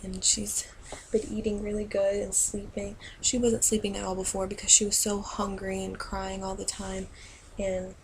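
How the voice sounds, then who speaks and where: A young woman talking casually to her camera as a new mother, soft and rambling with many pauses and restarts. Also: mid-range voice, vocal fry, a little hiss or hum, rough recording. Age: young adult.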